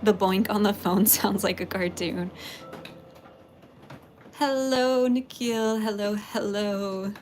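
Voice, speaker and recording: A woman's voice: medium pitch, slow, long pauses, a little mellow, a little hiss or hum. A woman from Texas, hosting a casual pottery livestream, chatting with viewers, greeting them by name and laughing often.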